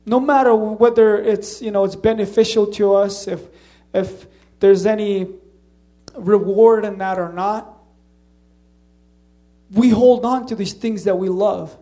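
A man's voice: high-pitched, steady tone, a little slow, pauses often, warm tone. A man with a slight Slavic accent preaching a sermon in an earnest, conversational way, often restarting his phrases.

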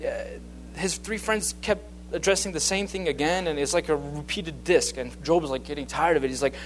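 Guy preaching from memory, stumbles and repeats himself a lot, voice on the higher side. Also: slight background noise. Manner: halting, many restarts and repeated words. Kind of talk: sermon.

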